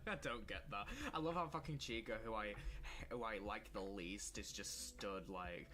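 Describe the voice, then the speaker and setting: A man's voice: on the low side, moderate pace, sharp tone. Man, self-deprecating, sweary, casual commentary, hissy old recording. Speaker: video creator. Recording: noisy clicky old video audio.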